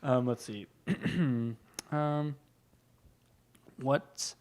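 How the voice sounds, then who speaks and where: A young man in easy podcast chat, talking at a middle pitch in a loose, rambling way. He laughs often and restarts his words. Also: steady tone, extremely slow, a little mellow. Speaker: podcast co-host. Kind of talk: casual chat.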